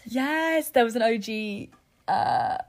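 A woman's voice: a little high, big pitch swings, takes it slowly. A young woman co-hosting a podcast, chatty and enthusiastic, often breaking into giggles. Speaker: podcast co-host. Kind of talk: casual chat.

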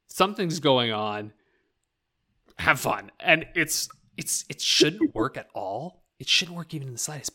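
His mid-range voice sounds pushed and bright as this young man from rural Canada chats casually about video games as a podcast co-host. He rambles, laughs a lot and scatters "like" fillers everywhere.

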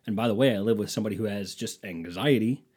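A man's voice: on the low side, quick pace, a little mellow, breathy edge. A man telling stories in a casual monologue, sardonic and profane, mimicking people in mocking voices.

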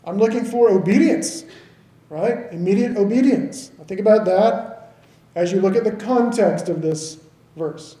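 High-voiced pastor in an echoey hall. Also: male voice, measured pace, warm tone. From American South. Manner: conversational, asks the congregation "right?" often. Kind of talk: sermon.

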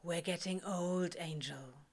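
A woman voicing a laid-back male demon in a low, dry, quietly coaxing voice. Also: slow. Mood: teasing.

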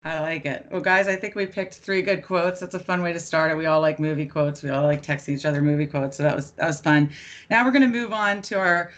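A woman's voice: sits low, fairly even intonation, brisk. A middle-aged woman hosting a casual sports podcast, chatty and self-deprecating. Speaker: podcast host.

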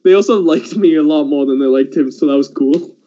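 A man from England telling a story in casual podcast chat, animated and swearing a lot. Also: on the high side, brisk. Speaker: podcast host. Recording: dull lo-fi sound.

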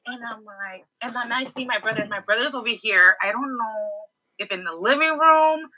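A young woman co-hosting a casual podcast, telling an animated story and slipping Spanish phrases into her English. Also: on the high side, moderate pace, rough recording. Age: young adult. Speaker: podcast co-host.

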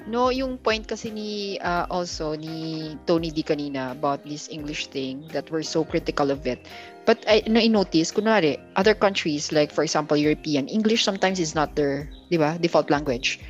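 Casting: Filipino woman, calm low register, thoughtful chat, muffled sound. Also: brisk, faint music behind. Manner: agreeable, chimes in, reflective. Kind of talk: casual group chat mixing English and Tagalog. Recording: dull lo-fi recording.

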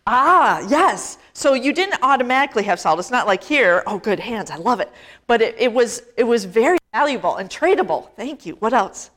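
A woman pastor preaching a sermon in a church, talking conversationally and asking the congregation questions, with slow, emphatic phrases. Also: on the high side, big pitch swings, a bit bright. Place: church sanctuary.

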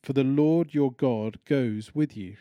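Man preaching a lively conversational sermon. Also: medium pitch, slow pace, no room sound, highs cut off. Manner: conversational, animated storytelling with acted-out quotes.

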